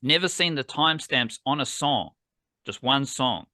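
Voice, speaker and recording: Podcast host, New man, bright tone, dry close sound, rambling and excitable. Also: mid-range voice, normal speed, no echo. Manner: rambling, enthusiastic, playful. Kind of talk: casual sports podcast chat.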